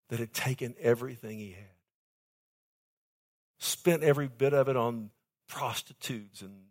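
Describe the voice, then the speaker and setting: A man preaching a sermon with emphasis, swinging between quiet passages and loud outbursts and asking the congregation for a response. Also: mid-range voice.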